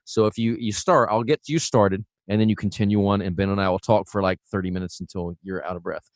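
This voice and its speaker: A man's voice: lowish voice, quick pace, dry recording. Chatty male vocal coach, dry sound. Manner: relaxed, chatty, full of fillers and restarts. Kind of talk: casual instructional talk.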